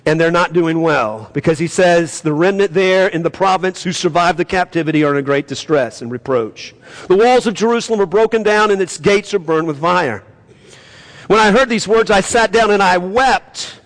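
A pastor delivers an impassioned sermon, putting direct questions to the congregation. When he reads prayers aloud he grows more fervent, rising in pitch and volume.

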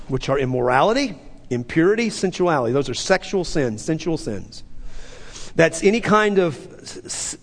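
A man's voice: a little high, long reverb tail. A middle-aged man preaching a sermon, driving points home with repeated phrases and rhetorical questions. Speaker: pastor.

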